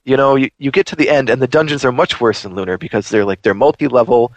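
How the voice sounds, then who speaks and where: A man's voice: mid-range voice, fast, no echo. A man hosting a podcast, ranting animatedly in casual chat. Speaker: podcast host.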